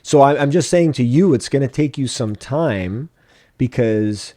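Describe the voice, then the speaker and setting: A man co-hosting a casual podcast chat, giving calm advice and repeating his points for emphasis. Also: mid-range voice, unhurried, no echo, studio quality. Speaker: podcast co-host, doctor.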